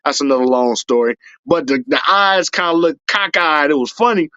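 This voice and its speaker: A man spins a long, profane yarn in loose, casual talk. His voice sits a little high, and he bursts into shouts and laughter as he goes. The sound is dry and a bit dull. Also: expressive, normal speed, dry recording. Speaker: podcast guest, superfan. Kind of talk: casual storytelling.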